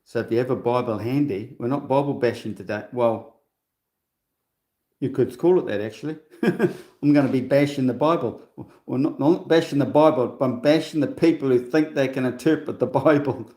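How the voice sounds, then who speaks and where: A man's voice: mid-range voice, normal speed, dark tone, roomy sound. A man in his sixties hosting a livestream in a rambling, casual monologue, scornful and full of chatty asides. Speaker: livestream host.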